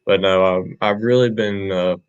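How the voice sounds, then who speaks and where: Young man, fairly low voice, soft-spoken, brief hesitant replies, casual podcast co-host. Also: steady tone, normal speed, clear, resonant tone, lo-fi sound. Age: young adult.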